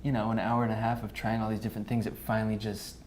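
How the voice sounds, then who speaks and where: A man guest on a podcast, calmly telling the story of a photo shoot and often agreeing with a "yeah.". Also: fairly low pitch, quick pace, a little hiss or hum. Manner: relaxed storytelling, many affirmations. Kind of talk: casual interview chat.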